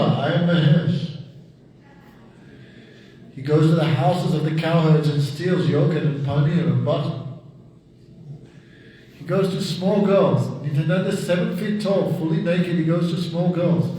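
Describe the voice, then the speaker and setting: A man's voice: fairly high pitch, normal speed, warm tone. A man telling a devotional story in a class, acting out the voices of its characters. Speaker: spiritual teacher. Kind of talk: storytelling sermon. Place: class hall. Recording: echoey room, distant mic, faint noise.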